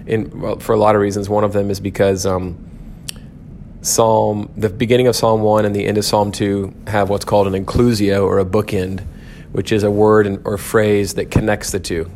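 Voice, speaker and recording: A man's voice: on the low side, darkish tone, slight background noise. Casual, self-correcting male Bible teacher. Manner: conversational, self-correcting, frequent "um" and "okay?". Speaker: church teacher. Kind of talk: informal Bible lecture.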